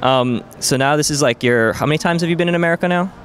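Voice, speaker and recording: Speaking quickly in a fairly high voice, a man playfully interviews a player at a crowded gaming event, leaning heavily on "um" and "like." Slight hiss or hum is audible.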